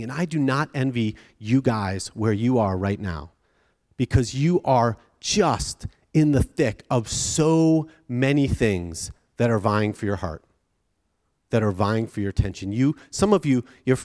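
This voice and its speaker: Male pastor, mid pitch, giving a casual sermon in a hall with long reverb. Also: darkish tone. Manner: conversational, frequent tag questions. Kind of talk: sermon to students.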